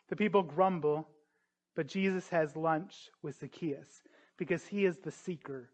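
A man preaching a sermon as a pastor, earnest and emphatic, slowing down on key phrases. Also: a little high. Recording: dull lo-fi sound.

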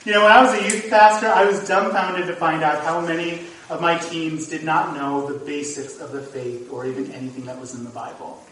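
A man's voice: fairly high pitch, fairly even intonation, fairly quick, hardly any pauses, a bit bright, slight background noise. A man preaching a sermon as pastor, earnest and at times emphatic. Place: church sanctuary. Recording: echoey hall, mic from far off. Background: congregation.

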